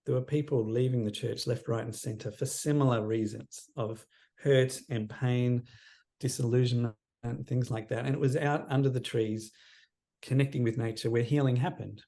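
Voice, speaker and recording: A man in his fifties speaks as a guest in an interview, his voice gravelly with a warm, mellow tone. He talks in an earnest, reflective way and lets his sentences drift down into quiet endings. The pitch sits at an ordinary middle height for a man. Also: fairly even intonation, normal speed. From Australia. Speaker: counsellor as podcast guest. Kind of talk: personal storytelling in interview.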